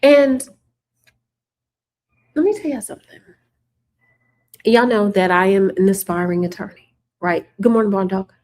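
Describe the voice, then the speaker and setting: A woman's voice: medium pitch, unhurried, pauses often, a little mellow. A woman hosting casual political commentary, sarcastic and emphatic, repeating her points for the viewers.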